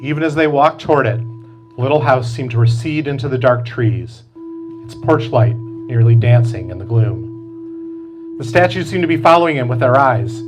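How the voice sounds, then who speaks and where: A man, the author, reading aloud from his novel at a bookstore event in slow, measured storytelling. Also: mid-range voice, music in the background, low-quality recording.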